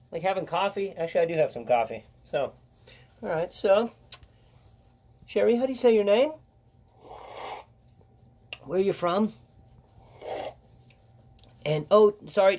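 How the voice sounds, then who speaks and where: An older man hosting a casual live educational stream, chatty and joking as he greets viewers by name. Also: sits high.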